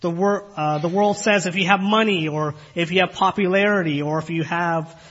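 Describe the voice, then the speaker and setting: A man with a slightly husky, somewhat high voice preaches an earnest sermon. He talks in a measured way, stops on fillers and keeps putting questions to his listeners. The recording sounds dull and lo-fi. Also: fairly even intonation, a bit bright.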